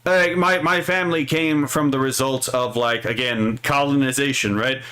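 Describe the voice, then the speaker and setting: A man talking casually on a live stream, responding to viewer comments as he goes. He rambles loosely, keeps checking in with a quick "right?" and breaks into small chuckles between thoughts. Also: medium pitch, fairly even intonation, bright, forceful tone, clear, resonant tone. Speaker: streamer reading chat.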